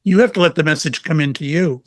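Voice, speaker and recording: A man's voice: fairly high pitch, fast, no echo. A middle-aged man, a psychic medium guest, telling stories in a casual interview and acting out the quotes. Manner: animated storyteller, acts out quotes.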